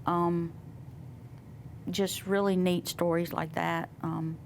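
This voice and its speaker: A woman guest sharing a personal testimony in conversation, soft and reflective, pausing often. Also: fairly low pitch, level tone, vocal fry, slight background noise. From Southern United States. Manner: soft, reflective, with many pauses and fillers. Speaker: interview guest.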